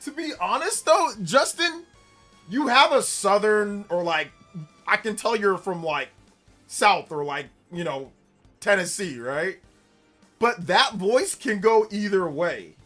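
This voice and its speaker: A man's voice: high voice, animated, takes it slowly, bright, forceful tone, soft background music. A man from California hosting a casual live stream, chatting with viewers in an upbeat, elevated presentation voice and laughing often. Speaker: streamer hosting a live gaming news show.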